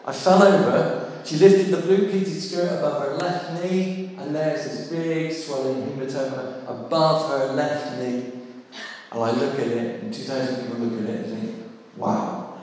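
A man in his sixties preaching a sermon, telling a story with lively, self-deprecating humour. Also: medium pitch, normal speed. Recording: echoey hall, mic at a distance.

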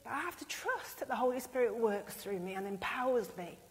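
A woman's voice: fairly high pitch, lively intonation, brisk. A woman preaching an earnest, emotional sermon and acting out the speech she imagines from others. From England. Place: church. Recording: long church reverb.

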